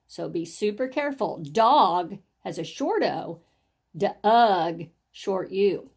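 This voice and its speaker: A woman teaching young children phonics and handwriting, encouraging them and sounding out each word slowly. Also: mid-range voice, expressive, darkish tone, husky.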